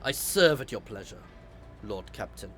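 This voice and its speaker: A man doing a low, loyal old steward. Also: lively intonation, moderate pace, fairly bright tone, soft background music. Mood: confiding. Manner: low, confiding murmur.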